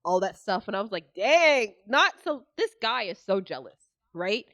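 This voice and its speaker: A woman's voice: mid-range voice, normal speed, no echo, clean studio sound. A woman co-hosting a podcast, chatting casually about a movie and acting out the characters' lines as she retells scenes. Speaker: podcast co-host. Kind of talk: casual movie review chat.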